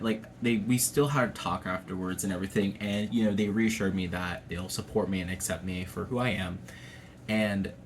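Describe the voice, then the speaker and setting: Talking to camera, a young adult man who vlogs shares a personal story in a lowish, fairly bright voice over slight background noise. His manner is chatty and casual, full of free swearing and frequent laughter.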